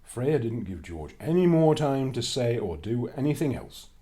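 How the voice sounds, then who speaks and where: A man narrating a children's storybook with an expressive, lively reading. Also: medium pitch, moderate pace.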